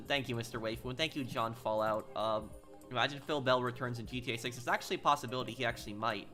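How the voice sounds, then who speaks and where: A man's voice: mid-range voice, sharp tone, soft background music. A man live-streaming a game, chatting casually and thanking viewers, often stumbling and restarting his sentences. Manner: chatty, halting, restarts while reading chat.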